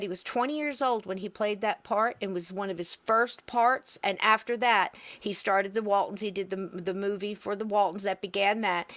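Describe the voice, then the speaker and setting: A woman's voice: mid-range voice, fairly bright tone. A woman co-hosting a podcast, chatting casually and animatedly about paranormal video clips, often laughing. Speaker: podcast co-host.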